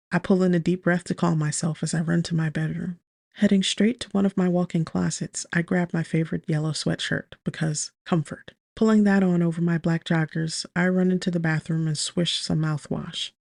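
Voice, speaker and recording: Female narrator, bubbly first-person romance read, vocal fry, dry close studio sound. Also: dry recording. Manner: lively, bubbly, with sudden high exclamations. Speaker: audiobook narrator.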